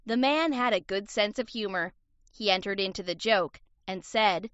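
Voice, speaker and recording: A woman reading storybook fables aloud in a measured, expressive way. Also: mid-range voice, clear, resonant tone, no echo. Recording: dull lo-fi recording.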